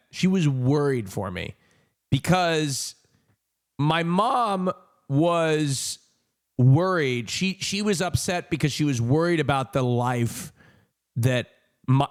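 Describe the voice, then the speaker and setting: A young man streaming, telling a rambling casual story with sudden high joking outbursts.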